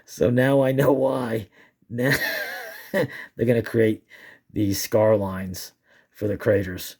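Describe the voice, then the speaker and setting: A man's voice: lowish voice, little pitch movement, takes it slowly, a little mellow, slightly rough. A man casually narrating his own footage in a rambling way with restarts, often breaking into giggles. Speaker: amateur moon filmer. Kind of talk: casual excited commentary.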